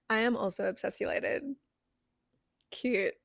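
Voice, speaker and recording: A woman's voice: mid-range voice, steady tone, slow pace, vocal fry, background noise. A woman hosting a reaction video, gushing giddily with frequent squeals and laughs.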